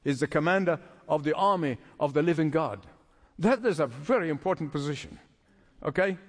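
Animated high-voiced male preacher. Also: normal speed, long reverb tail. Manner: emphatic, repeats phrases for stress. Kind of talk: sermon.

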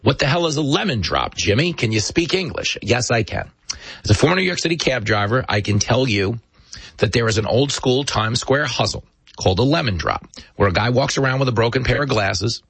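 A man hosting a political commentary show, talking in an emphatic, sarcastic and animated way. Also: mid-range voice, fairly quick, breathy edge, no echo. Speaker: talk show host.

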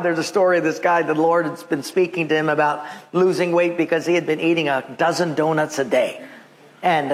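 A man preaching as a pastor, telling animated personal stories and acting out the voices of the people in them, laughing often. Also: fairly high pitch. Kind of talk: sermon with storytelling.

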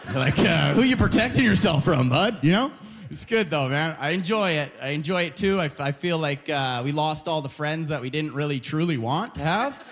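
Animated stand-up comedian man. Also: on the high side, moderate pace. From Alberta, Canada. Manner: animated, conversational, lots of "you know", mimics voices.

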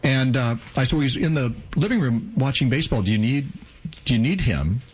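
A man in his sixties, co-host of a radio talk show, telling a heartfelt personal story in an earnest, lively way. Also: mid-range voice, fairly quick, breathy edge, low-quality recording. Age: 60s.

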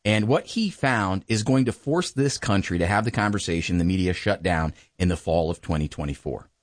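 A male interview host with a deep, low-pitched voice and an animated, swinging delivery. He talks in a crisp broadcast manner. The sound is dry and close, with no room around it. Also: normal speed, no echo. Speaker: show host. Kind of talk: interview introduction and questions.

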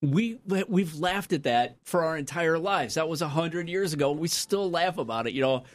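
A middle-aged man co-hosting a casual chat, telling relaxed stories and laughing at his own anecdotes. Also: fairly high pitch, normal speed. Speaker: co-host.

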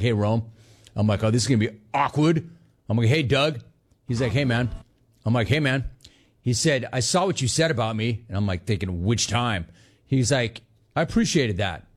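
A middle-aged man hosting a sports call-in radio show, telling stories in an animated, joking way. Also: fairly low pitch. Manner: animated, jokey storytelling. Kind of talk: casual call-in radio talk.

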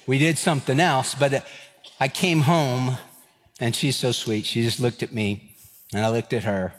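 A man's voice: medium pitch, steady tone, moderate pace, big-room sound. A man, preaching a sermon and telling a folksy story, acting out the voices in it. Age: 50s. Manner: folksy storytelling, acts out dialogue. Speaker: pastor.

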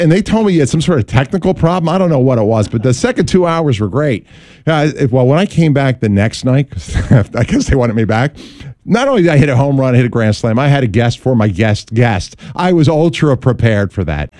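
A middle-aged man, a talk radio host, telling his career story in an interview with lively storytelling and voiced quotes. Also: mid-range voice, brisk, no room sound.

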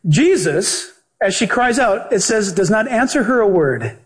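A male pastor and Bible teacher preaching a sermon in an animated, joking way, acting out the voices he quotes. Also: high voice, measured pace.

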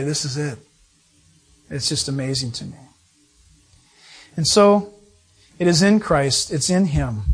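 Pastor, male, high voice, preaching a sermon and reading scripture aloud. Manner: preaching, reads scripture aloud, asks and answers his own questions. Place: church service.

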